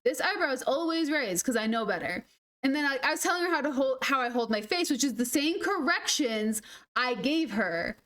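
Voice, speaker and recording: Her voice sits high, fairly bright, with lively intonation at normal speed. A game streamer in her twenties, she chats casually through wandering, self-mocking stories and does voices for the people she quotes.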